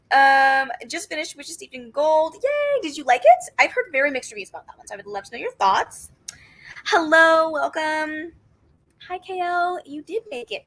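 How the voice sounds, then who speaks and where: A woman's voice: high voice, sharp tone, poor audio. A woman hosting a casual book livestream, chatty and upbeat, greeting viewers and answering their comments. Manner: upbeat with frequent laughs and squeals. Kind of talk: casual live-stream chat.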